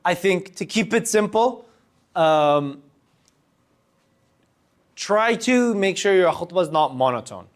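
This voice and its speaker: A young man teaching a workshop on public speaking to a live group, animated and shifting his loudness and pace to demonstrate. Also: high-pitched, slow, long pauses. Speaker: workshop instructor. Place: room with a live audience.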